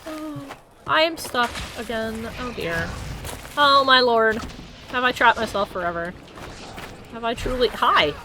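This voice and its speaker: A streamer in her thirties from Connecticut, USA, she has a slightly high, animated voice, a measured pace, and long pauses, with background noise audible. She chats playfully through a let's-play, laughing often and making silly wordplay jokes.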